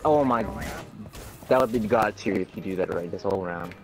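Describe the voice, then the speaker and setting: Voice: sits low, moderate pace. A gamer joking around with friends during a match. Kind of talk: casual gameplay chat.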